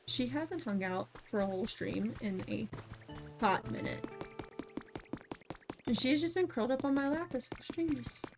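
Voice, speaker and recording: A young woman streaming a game from home, talking in a fairly high voice that slips into soft baby talk for her cat. She swears casually between lines. Game music plays clearly beneath her. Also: animated, normal speed, long pauses. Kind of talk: casual livestream chat. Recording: game music playing underneath.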